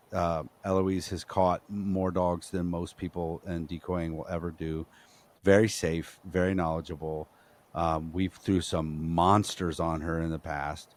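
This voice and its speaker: Casting: very low male voice, rambling podcast co-host, swears freely. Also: level tone, a little slow. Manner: rambling, frequent fillers and restarts, profane. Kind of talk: casual podcast chat.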